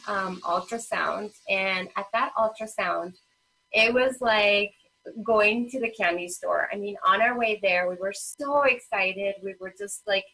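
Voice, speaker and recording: A woman in her thirties, a parent advocate and children's author, tells a personal family story as a guest in a casual interview. She speaks emotionally at a measured pace, full of fillers and acted-out quotes, in a mid-range voice that is pushed, bright, and husky. The recording is rough.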